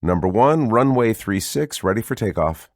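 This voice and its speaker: Cool-headed female pilot, understated and crisp , voiced by a deep-voiced male narrator in a dry audiobook read. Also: animated, normal speed, dry recording. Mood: calm radio call. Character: female pilot, calm and wry. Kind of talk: audiobook character reading.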